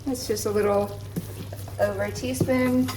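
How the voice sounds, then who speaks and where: A woman's voice: medium pitch, fairly even intonation, a little slow, heavy background noise. A middle-aged woman chatting through a cooking demonstration in her home kitchen, explaining each step as she goes. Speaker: home cook demonstrating a recipe. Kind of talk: casual cooking tutorial.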